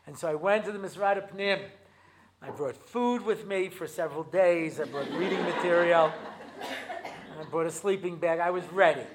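An American rabbi giving a humorous talk, telling anecdotes in a chatty way with many asides and fillers, at times slipping into Hebrew. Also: male voice, high-pitched, normal speed, a crowd in the background, noisy background. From United States. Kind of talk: humorous lecture with acted-out anecdotes. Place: talk given to an audience.

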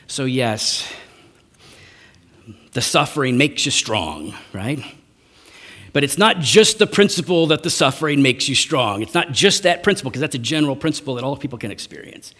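With a mid-range, slightly bright voice and lively intonation, a man delivers a sermon at normal speed. His style is chatty, and he frequently adds "right?" to check in with his listeners.

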